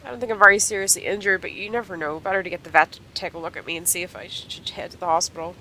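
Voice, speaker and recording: A woman voicing an injured young woman rider, reading game dialogue aloud in a lively, upbeat voice. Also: fairly low pitch, racing, slight background noise, poor audio. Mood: chatty.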